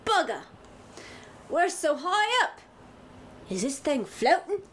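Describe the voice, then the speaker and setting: A woman voicing a brash young woman in a game, shouting slang in a mock rough accent. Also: very high-pitched, very animated, slow, a little hiss or hum, voice pushed up, exaggerated voice. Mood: excited. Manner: loud exclamations, mock Cockney-style slang.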